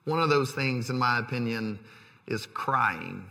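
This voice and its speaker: A male pastor in his thirties talks through his sermon in an easy, conversational way, full of fillers and restarts. His voice is bright and forward. A long reverb trails behind him, as in a church hall. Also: medium pitch, unhurried, creaky.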